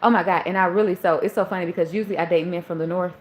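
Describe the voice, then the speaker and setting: A woman's voice: racing, a little hiss or hum. A woman with a Southern Charleston accent telling a personal story to viewers in casual chat, acting out the quoted lines. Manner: animated, acts out quoted dialogue in a high voice. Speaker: live stream host.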